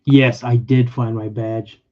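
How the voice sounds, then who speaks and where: A man's voice: mid-range voice, little pitch movement, slow pace, narrow, tinny audio. A man hosting a casual livestream podcast, rambling and emotional, often repeating himself as he tells personal stories. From California. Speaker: podcast host.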